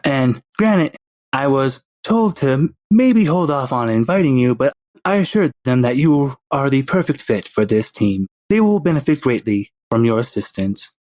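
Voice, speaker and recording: A man playing a smug boy who runs a secret team, speaking in a formal, measured way in a tabletop game. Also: medium pitch, lively intonation, darkish tone, no echo, lightly acted.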